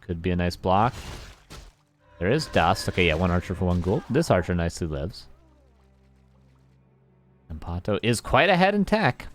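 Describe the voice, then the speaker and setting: Male esports caster, low voice with lots of swing, playful asides, faint game music behind. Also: sing-song, normal speed, pauses often. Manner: playful, chatty, joking asides. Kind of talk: live game commentary.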